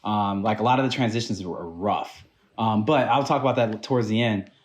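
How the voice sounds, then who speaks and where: Fast-talking man picking apart a plot. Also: lowish voice. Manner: quick, animated, picks apart story logic. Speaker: podcast co-host. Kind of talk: casual chat.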